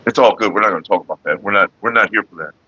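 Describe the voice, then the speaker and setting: A middle-aged man chats bluntly and profanely with his livestream viewers. His voice is bright and forceful, and it sits in a dry, close-sounding space. The recording is a little dull and lo-fi. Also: lowish voice, racing, husky, no echo. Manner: blunt and profane, talks straight to chat. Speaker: livestream host. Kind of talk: casual livestream chat with viewers.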